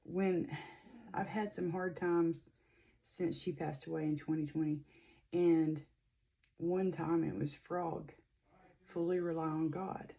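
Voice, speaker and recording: A woman's voice: sits low, steady tone, takes it slowly, vocal fry, pauses often, dark tone, low-quality recording. A middle-aged woman, a tarot reader talking casually to viewers in a rambling way, with many fillers. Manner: chatty, rambling, with frequent fillers. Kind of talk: casual spiritual reading to viewers.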